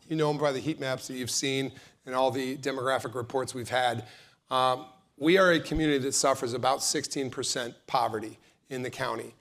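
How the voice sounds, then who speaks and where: A man's voice: mid-range voice, creaky. A man, a county executive, giving earnest panel remarks to a large hall.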